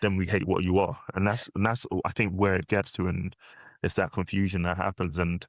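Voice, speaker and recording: A British man co-hosting a podcast, chatting in a relaxed, agreeing way. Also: sits low, fairly quick, dull audio. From Britain. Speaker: podcast co-host. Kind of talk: casual chat.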